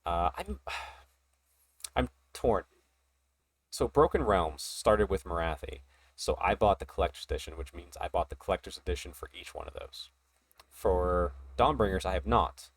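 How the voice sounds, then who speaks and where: A man hosting a casual hobby podcast, talking in an excited, rambling way and laughing often. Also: sits low, measured pace, dry recording. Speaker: podcast host.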